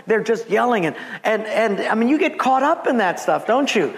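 A man's voice: high voice, big pitch swings, moderate pace, vocal fry. A male pastor preaching a sermon, telling stories with humor and acting out the people in them. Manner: storytelling with humor and acted quotes.

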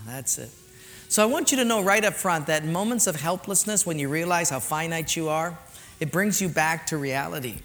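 A man preaching a sermon, animated, swinging from loud storytelling to soft, quiet points. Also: on the high side. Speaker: pastor. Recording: long hall reverb.

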